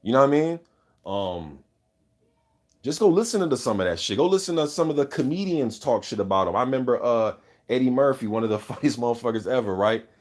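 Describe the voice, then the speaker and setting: A man's voice: mid-range voice, lively intonation, a little fast, a little mellow. A man hosting a casual boxing talk show, reading viewer comments and giving loose, opinionated takes full of swearing and "you know what I'm saying". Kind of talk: casual unscripted chat.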